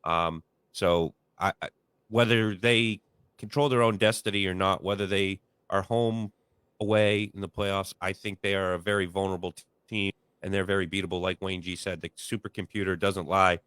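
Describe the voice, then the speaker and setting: Man, sports talk co-host, very deep voice, smooth, opinionated, dry sound. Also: steady tone, moderate pace, a bit bright, no echo. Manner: opinionated, lots of fillers like "you know". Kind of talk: casual sports talk show.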